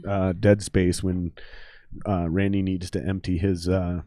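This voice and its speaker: A man in his thirties hosting a podcast, telling stories in a profane, animated way. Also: low voice, measured pace, no echo. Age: 30s. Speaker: podcast host. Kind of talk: casual chat.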